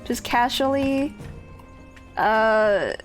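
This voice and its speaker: A woman's voice: a little high, drawn-out words, faint music behind. A woman streamer chatting casually with her viewers while she plays, swearing freely. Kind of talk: casual gameplay commentary.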